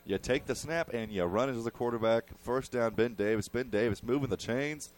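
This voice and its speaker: A young man calls a high school football game in a brisk manner, breaking down the play calls the way a coach would.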